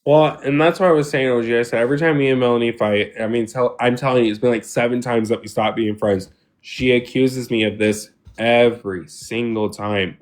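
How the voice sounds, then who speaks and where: A man's voice: mid-range voice, fairly even intonation, brisk, few pauses. A man on a live stream, frustrated and defensive, swearing heavily as he argues. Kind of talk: heated live stream argument.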